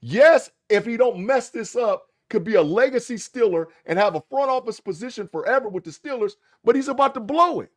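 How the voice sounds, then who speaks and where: Animated high-voiced man ranting. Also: fairly quick, hardly any pauses. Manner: emphatic, animated, blunt. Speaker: podcast co-host. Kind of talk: casual sports debate.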